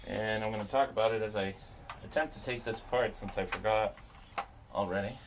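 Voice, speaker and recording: A landscaping business owner with a lowish voice talks briskly while fixing his equipment, rambling casually and talking to himself. He pokes fun at himself as he works, against a noisy background.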